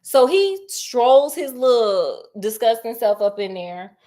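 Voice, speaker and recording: A woman storyteller retelling a classic mystery in an animated, slangy way, asking her listeners questions. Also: fairly high pitch, slow pace.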